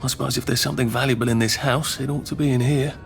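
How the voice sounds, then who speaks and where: A man's voice: medium pitch, steady tone, fast, gravelly, faint music behind, lightly acted. An actor playing a nervous, polite young Englishman in a video game, dry and muttering asides to himself, with an English accent. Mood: musing. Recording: noisy game audio.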